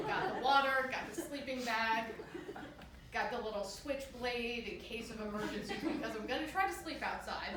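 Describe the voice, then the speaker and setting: A woman telling a comedic true story live on stage, self-deprecating and laughing through it. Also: fairly high pitch. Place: theater stage. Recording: echoey live room from far off.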